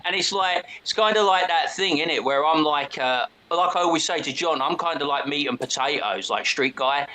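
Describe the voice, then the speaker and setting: A man's voice: on the high side, moderate pace, hardly any pauses, pushed and bright, poor audio. A man with a South London accent, chatting casually as a guest on a video call, swearing freely and using slang. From South London, England. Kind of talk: casual chat.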